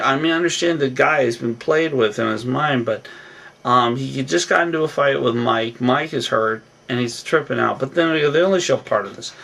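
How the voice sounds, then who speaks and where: A man's voice: medium pitch, creaky, a bit bright. A man vlogging a casual, rambling recap of a reality show episode, full of fillers and restarts. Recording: voice a bit distant from the mic.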